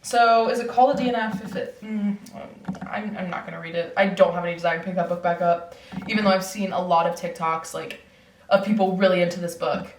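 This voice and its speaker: Woman book vlogger, low-ish voice, chatty and rambling, recorded from a distance in a roomy space. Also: fairly even intonation, a little fast. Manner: chatty, many fillers and self-corrections. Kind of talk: casual chat ranking books. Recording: echoey room, distant mic, faint noise.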